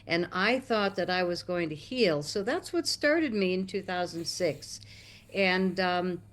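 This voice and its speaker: A middle-aged American woman telling a long story in an interview, animated and acting out quotes with big jumps in pitch. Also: a little slow. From United States. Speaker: interview guest.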